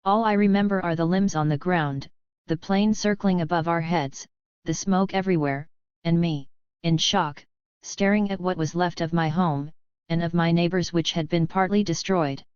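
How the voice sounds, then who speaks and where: A woman with a low, smooth, clear voice reads first-person testimony aloud, slow, grave, and steady, like a measured audiobook. The recording is dry and slightly dull with a lo-fi edge and no echo.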